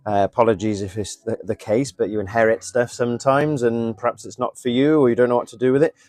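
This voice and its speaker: A man's voice: medium pitch, steady tone, fast, a little mellow, no echo. A man chatting casually on a live stream while he builds a model, muttering as he works and answering viewers. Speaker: model railway hobbyist streamer.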